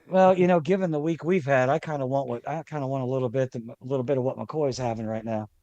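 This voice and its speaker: A man with an ordinary middle-pitched voice jokes through a casual livestream chat. He chuckles often and reacts quickly. The recording is dry and close. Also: dark tone, no room sound, highs cut off.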